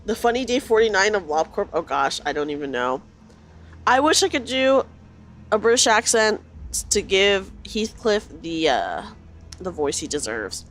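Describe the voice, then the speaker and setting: A woman streaming a story game, chatting excitedly and reading the character lines aloud. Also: mid-range voice, moderate pace.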